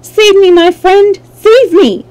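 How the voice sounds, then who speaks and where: A frightened little girl begging to be rescued, as a woman reader puts her on. Her voice jumps up high and rings out, with a mellow, soft tone. It is storybook reading. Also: expressive, normal speed. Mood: pleading. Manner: pleading, high and urgent.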